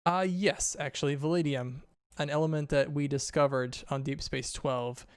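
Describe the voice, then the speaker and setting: A man's voice: a little high, steady tone, moderate pace, smooth, dry recording, studio quality, lightly acted. A man voicing a flustered, scattered woman scientist who rambles through technical explanations.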